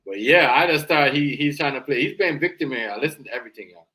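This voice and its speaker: A man's voice: mid-range voice, lively intonation, fast talker, sharp tone. A man co-hosting a casual chat, talking loosely and slangily, mostly agreeing and adding his own takes. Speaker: co-host. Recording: distant, roomy mic.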